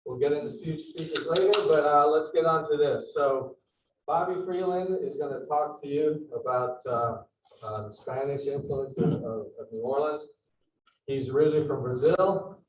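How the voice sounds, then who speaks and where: A man introduces a speaker at a talk, relaxed and full of fillers. He sounds distant and a little muffled, and the room echoes noticeably. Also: fairly high pitch, normal speed, noisy background. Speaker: event host. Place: lecture room.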